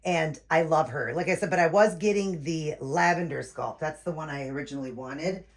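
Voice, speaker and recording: A woman's voice: low voice, moderate pace. A woman vlogging as she unboxes a doll, talking casually to her viewers and gushing with frequent exclamations.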